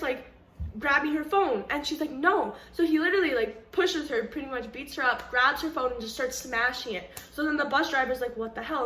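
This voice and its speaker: A young woman vlogger telling a story in a casual, animated, slangy way, acting out what people said in her own voice. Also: sits high. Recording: echoey room, faint ambience.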